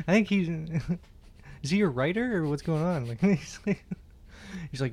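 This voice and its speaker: A male comedian co-hosting a casual podcast. He tells stories with energy and keeps breaking into loud, acted-out quotes of the people in them. His voice sits somewhat high for a man. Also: measured pace, long pauses. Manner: animated storyteller, acts out quoted voices loudly. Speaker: podcast co-host. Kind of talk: casual chat.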